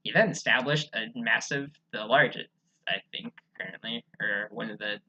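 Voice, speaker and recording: Playful podcast host with a bright voice. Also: mid-range voice, normal speed, lo-fi sound. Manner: playful, acts out silly voices, giggly. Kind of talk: casual comedic storytelling.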